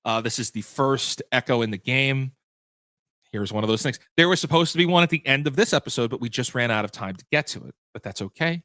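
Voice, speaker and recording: Male game master hosting a livestream recap; bright, forward voice, loose and chatty with frequent restarts. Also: medium pitch, animated, a little fast, no echo. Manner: chatty, self-correcting, answers viewer questions. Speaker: game master and show host. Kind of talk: livestream post-show chat.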